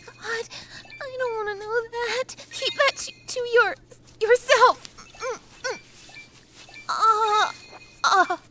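A young woman acting a shy, nervous streamer in an adult audio role-play, stammering and hesitant, sometimes hushed. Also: very high voice, slow pace, long pauses, soft background music, heavily acted. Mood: breathless. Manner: hushed, half-whispered at times.

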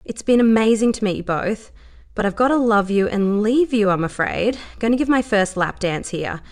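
A woman's voice: mid-range voice, lively intonation, normal speed, lightly acted. A woman voicing a cheerful, naive young dancer with a Southern accent, talking in a bubbly, gushing way.

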